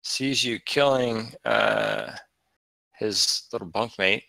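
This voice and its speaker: A man running a tabletop game online as game master, relaxed and chatty, laughing often. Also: fairly low pitch, slow, creaky, dry recording. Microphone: online voice chat.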